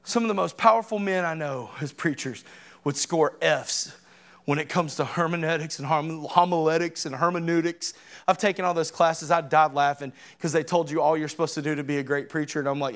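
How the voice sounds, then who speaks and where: A man in his thirties, a preacher delivering an emphatic, conversational sermon with sudden loud bursts. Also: a little high, steady tone, fairly quick. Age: 30s.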